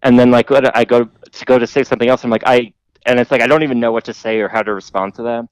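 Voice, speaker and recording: A man on a podcast casually telling a rambling, profane story, mimicking other people in a higher voice. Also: steady tone, fast talker, clean tone, no room sound, rough recording.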